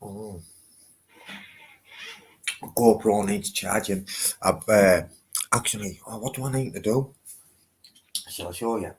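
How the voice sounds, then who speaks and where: A man's voice: lowish voice, slow, long pauses, a little mellow, a little hiss or hum. A man, talking in a casual, rambling vlog, swearing freely. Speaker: vlogger.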